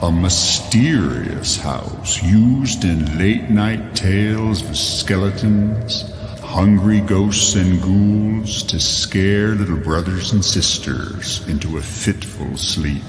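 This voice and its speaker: A man as a slow, deep-voiced haunted-house owner. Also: background noise. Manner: slow, ominous storytelling. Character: creepy male owner of a spooky mansion. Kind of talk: spooky scripted narration. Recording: echoey hall reverb over music.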